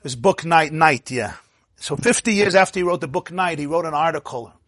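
A man teaching a Torah class as a rabbi, telling stories and acting out quoted speech with big jumps in pitch and loudness, thinking aloud with restarts. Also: brisk, dry recording, clean studio sound. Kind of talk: Torah lecture.

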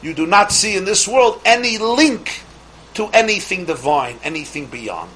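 Man, teacher, religious lecture, somewhat high voice, rhetorical questions, emphatic. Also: very animated, fairly bright tone, a little hiss or hum, rough recording. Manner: shifts between slow stretched phrases and quick asides.

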